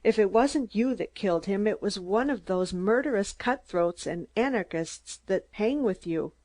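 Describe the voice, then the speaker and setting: A woman's voice: mid-range voice, expressive, moderate pace, darkish tone, natural voice. A woman reading an audiobook, voicing a male lawyer turned detective who speaks coldly and firmly. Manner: cold and firm.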